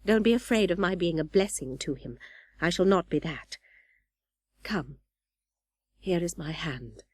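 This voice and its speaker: A woman's voice: fairly low pitch, animated, measured pace, darkish tone, dry recording. A woman voicing a cold, proud young woman who answers with unmoved composure, in an audiobook. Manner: cool, composed, detached. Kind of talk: audiobook dialogue.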